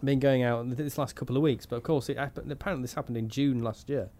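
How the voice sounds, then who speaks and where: A man's voice: medium pitch, steady tone, fast talker, mellow. A man hosting a podcast in a casual, rambling chat, laughing often. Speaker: podcast host.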